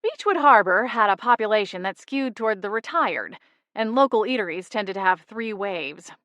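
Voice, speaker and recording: A woman narrating a first-person cozy mystery audiobook in a wry, lively storytelling manner, on a close studio mic. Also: mid-range voice, normal speed, no room sound.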